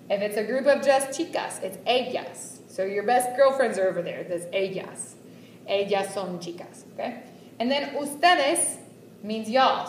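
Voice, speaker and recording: A woman's voice: medium pitch, slight background noise. A woman teaches a Spanish lesson at a whiteboard in a chatty manner, checking in with her class every few lines. She is heard from some distance in an echoey classroom. Faint room ambience sits under her voice. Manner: chatty, checks in often with okay and bien.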